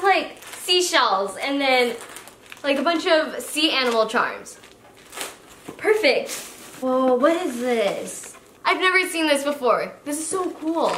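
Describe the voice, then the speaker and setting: Young woman, high bouncy voice, gushing unboxing chatter, echoey room. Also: fairly bright tone. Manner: gushing, gasping, many "like" fillers. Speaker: slime YouTuber host. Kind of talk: excited unboxing vlog. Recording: echoey room with faint noise.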